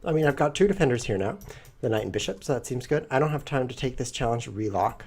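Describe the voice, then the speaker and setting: A man's voice: medium pitch, animated, quick pace, darkish tone. A man streaming a chess game, thinking aloud in a playful, rambling way. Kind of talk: live chess commentary.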